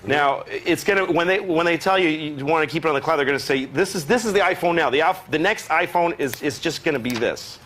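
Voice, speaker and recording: A man's voice: fairly high pitch, brisk, hardly any pauses, slight background noise. A man performing a stand-up set, telling rambling stories with lots of laughing. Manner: rambling, animated storytelling with laughs. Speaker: stand-up comedian.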